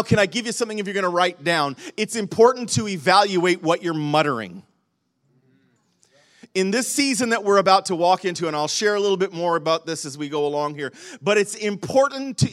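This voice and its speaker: High-voiced man preaching conversationally. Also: brisk, fairly bright tone. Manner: conversational preaching with frequent restarts and rhetorical questions. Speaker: pastor. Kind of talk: sermon.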